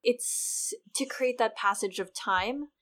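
Bright, expressive woman podcast co-host. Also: a little high, slow. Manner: expressive, peppers talk with "like" and "you know". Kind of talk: casual book discussion chat.

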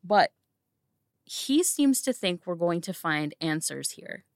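A woman's voice: fairly low pitch, very animated, slow, no room sound, exaggerated voice. A woman playing a guarded, defiant young woman who speaks bluntly and swears.

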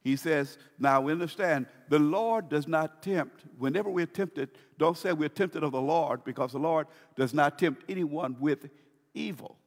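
A man's voice: fairly high pitch, moderate pace, long reverb tail. A man pastor preaching a sermon with emphasis, repeating key phrases and putting questions to his congregation.

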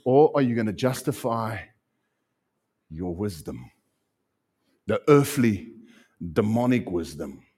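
A man preaching a sermon as pastor, animated and repeating phrases for emphasis. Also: fairly low pitch, slow, long pauses, breathy edge.

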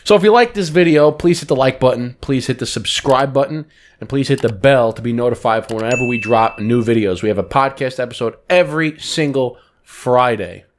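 A man's voice: mid-range voice, fairly quick. Casual, swearing young male podcast co-host. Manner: loose, joking, swears often. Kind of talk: casual chat.

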